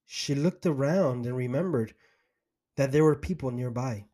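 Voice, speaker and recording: A man's voice: medium pitch, moderate pace, warm tone. A man hosting a podcast, earnestly recounting his own story in the first person. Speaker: podcast host.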